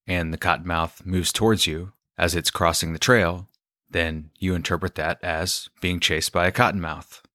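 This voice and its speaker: A man calmly telling a personal story, quoting the people he met along the way. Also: deep voice, no room sound, studio quality. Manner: calm, reflective storyteller.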